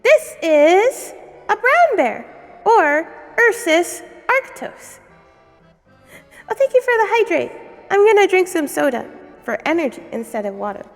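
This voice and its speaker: Playing a bear character, a woman streamer with a sore throat gives a casual lesson, giggling, rambling, and sounding self-conscious. Her very high-pitched voice is highly animated but measured in pace, with long reverb and background music in the recording.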